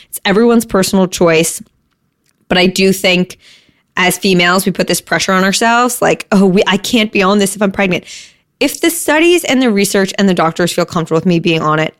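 A woman hosting her own podcast, talking openly and emotionally to her listeners in a casual way, with some swearing. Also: medium pitch. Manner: conversational, addressing listeners directly. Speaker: podcast host. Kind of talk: candid solo podcast talk.

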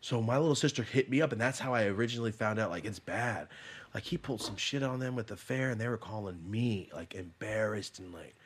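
A man in his thirties with a low, husky voice tells a story in a casual chat. He talks bluntly, swears freely and puts real feeling into it. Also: a little fast. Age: 30s. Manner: profane, blunt, emotional storytelling. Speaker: podcast host.

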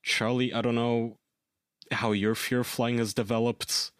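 A man co-hosting a casual podcast, telling animated stories, swearing freely and laughing at his own tales. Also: mid-range voice, a little slow, smooth, no room sound, clean studio sound. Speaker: podcast co-host. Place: lives in Germany.

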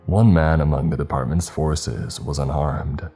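A man narrating a horror story in a slow, grave, measured way. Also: very deep voice, steady tone, warm tone, husky, soft background music.

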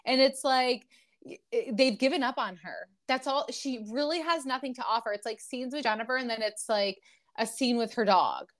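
A young woman chats casually on a podcast, recapping a reality show with plenty of fillers and half-finished restarts. Her voice sits a little higher than most. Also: normal speed. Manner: chatty, rambling, frequent fillers and restarts. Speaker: podcast co-host.

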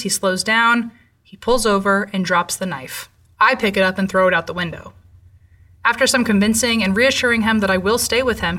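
A young woman tells a first-person story in a steady, measured voice. Her tone is bright and crisp, and her pitch is middling for a woman. She sits a little back from the microphone. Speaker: narrator. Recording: voice slightly distant from mic.

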